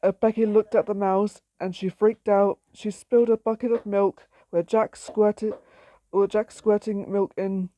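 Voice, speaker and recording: A woman's voice: medium pitch, little pitch movement, unhurried, dark tone. A woman reading her own story aloud in a plain, simple storytelling way.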